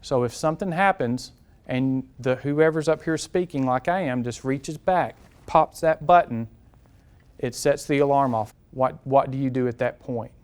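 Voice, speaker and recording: A man's voice: medium pitch, normal speed, darkish tone, clear, resonant tone. A man with a Southern US accent, a campus police safety trainer speaking directly and conversationally to a classroom at a live seminar, repeating key points and asking the audience questions. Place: classroom lecture room.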